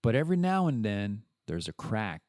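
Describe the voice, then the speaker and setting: A man's voice: lowish voice, sing-song, normal speed, darkish tone, dry recording, studio quality. A man hosting a podcast, talking in a rambling, casual monologue full of restarts and the odd swear word. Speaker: podcast host.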